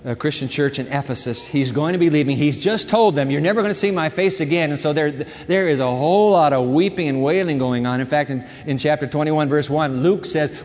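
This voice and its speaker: A man preaching a sermon as a pastor, emphatic, repeating words and swinging between quiet and loud passages. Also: a little high, normal speed. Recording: long hall reverb.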